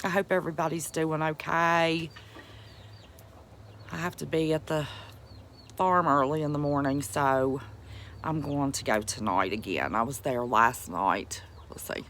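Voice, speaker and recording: Woman, Appalachian accent, deep voice, unhurried, folksy live-stream chat, calls folks sweetheart. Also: fairly bright tone, slight background noise. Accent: Appalachian American. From West Virginia. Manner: folksy, chatty, calls viewers sweetheart and buddy. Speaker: homestead vlogger greeting live chat.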